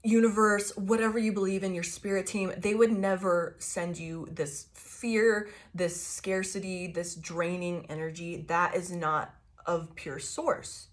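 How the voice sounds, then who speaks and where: A woman's voice: fairly low pitch, measured pace. A woman giving a casual tarot reading, swearing freely and laughing often as she tells her story. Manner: profane, laughing, animated storytelling. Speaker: tarot reader.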